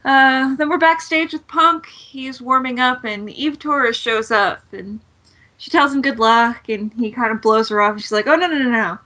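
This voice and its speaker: A woman's voice: on the high side, steady tone, unhurried, sharp tone. A woman co-hosting a podcast, recapping wrestling in blunt, sarcastic casual chat and swearing freely. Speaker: podcast co-host.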